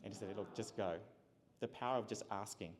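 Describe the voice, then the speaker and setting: A man giving a motivational keynote, telling a personal story with lively acted-out dialogue and frequent laughs. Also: on the low side, fairly quick. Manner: animated, acts out dialogue, laughs often. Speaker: keynote speaker. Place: large event hall. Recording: long hall reverb.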